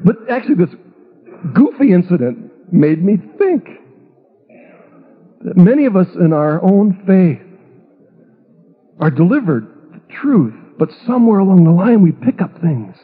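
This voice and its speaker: A man's voice: high voice, sing-song, measured pace, pauses often, breathy edge. Man telling a story over tinny radio. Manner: humorous, self-mocking storyteller. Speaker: pastor. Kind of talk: storytelling testimony talk. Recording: tinny phone-like radio broadcast.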